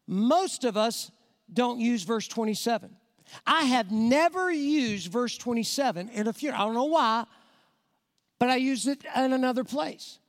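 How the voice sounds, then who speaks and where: A man preaching, his voice pitched unusually high for a man. He speaks to the congregation directly and with emphasis, racing through some lines and drawing out others. The sound carries a long, ringing reverb from a large church hall. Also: animated, normal speed. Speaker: guest preacher. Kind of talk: evangelistic sermon. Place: church sanctuary.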